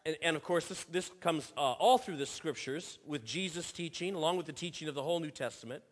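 A man's voice: a little high, a little fast. A man preaching a sermon as pastor, earnest, often repeating and restarting phrases. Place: church sanctuary. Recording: long reverb of a church hall.

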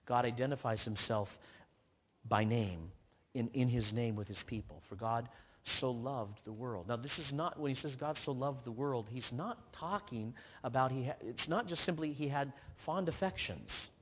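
A man preaching a sermon, reading scripture aloud with frequent restarts, swinging from emphatic peaks down to low, quiet stretches. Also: normal speed, breathy edge, in a large hall. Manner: earnest, rising to emphatic peaks and dropping low.

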